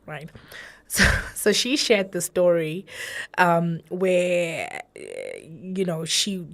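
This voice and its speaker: A woman's voice: on the low side, takes it slowly. A woman from Zimbabwe, co-hosting a podcast, telling a long story in casual chat and checking in with "right?" and "you know". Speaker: podcast co-host.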